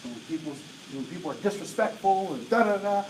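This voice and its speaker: A man in his late forties giving an energetic diversity talk to an audience, often asking "right?" to check in with them. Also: high-pitched, brisk. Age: 40s. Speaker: diversity trainer. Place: large room with an audience. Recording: roomy echo, voice from a distance, faint noise.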